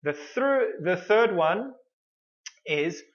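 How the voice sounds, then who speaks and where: A woman leads an English pronunciation lesson at an unhurried pace, sounding out each word syllable by syllable and repeating it patiently. The recording is dull and lo-fi. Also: low voice, animated. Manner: deliberate, drills words syllable by syllable with repetition.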